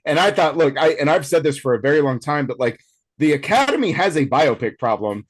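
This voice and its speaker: A man's voice: on the high side, expressive, brisk, slightly rough. A man co-hosting a casual film podcast, talking chattily with many fillers and restarts. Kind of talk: casual chat.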